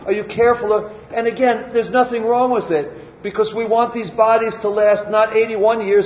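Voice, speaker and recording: A man's voice: high-pitched, slight background noise. An older man preaching a sermon in a folksy, conversational way, asking his congregation questions and answering them himself. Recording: echoey room, slightly dull sound.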